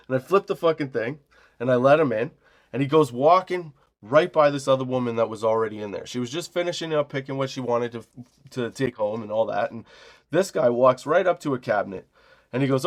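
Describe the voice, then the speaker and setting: A man in his forties rants his way through a story in a casual, profane voice, breaking into laughter again and again. He drops into quick imitations of the people he describes. His pitch sits right in the ordinary middle for a man. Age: 40s. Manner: profane, laughing often, mimics customers. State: high. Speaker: comedy podcast host.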